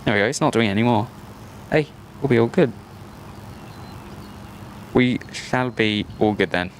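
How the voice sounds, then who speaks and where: Australian man, live stream host, outdoors, casual rambling chat, self-mocking, laughs often, mid-pitched voice. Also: moderate pace, a little hiss or hum. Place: outdoors at an airport.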